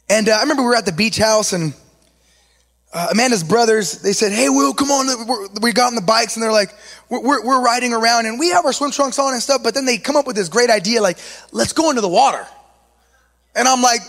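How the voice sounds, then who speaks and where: A man with an East Los Angeles accent preaching a sermon as an animated story, acting out quotes with lots of "like" and "you know". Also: very high voice, fast, long reverb tail.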